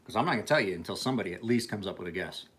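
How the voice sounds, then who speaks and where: A man's voice: lowish voice, expressive, rapid-fire, fairly bright tone, slightly rough. A man who sharpens and refinishes knives, chatting casually and profanely with viewers on a livestream. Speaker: knife sharpener.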